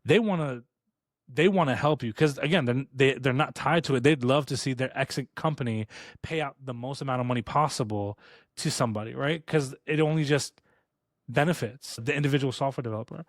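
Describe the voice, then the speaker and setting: A man co-hosting a podcast, telling stories in a casual chat. He talks fast and rambles with restarts, and he acts out quoted lines in a raised voice. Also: mid-range voice, no echo, clean studio sound. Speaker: podcast co-host. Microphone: studio podcast mic.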